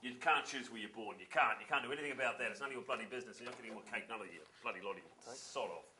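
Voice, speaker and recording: An actor with a New Zealand accent playing a blunt, swearing would-be politician who quickly gets indignant. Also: male voice, medium pitch, noisy background, natural voice. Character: brash, blustering male would-be politician. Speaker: election candidate. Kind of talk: mockumentary acting.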